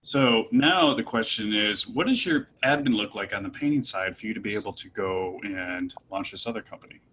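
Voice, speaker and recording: Man, podcast host, upbeat, encouraging, crisp bright tone, slight low rumble. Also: fairly quick, poor audio. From American Midwest. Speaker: podcast host, business coach. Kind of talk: casual podcast interview.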